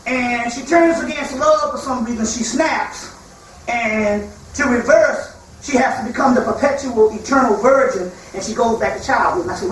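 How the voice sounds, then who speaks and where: High-voiced man lecturing in an echoey hall. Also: moderate pace. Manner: colloquial storytelling, acts out quoted people. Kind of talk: spiritual lecture to a live audience. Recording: echoey hall from far off, faint noise.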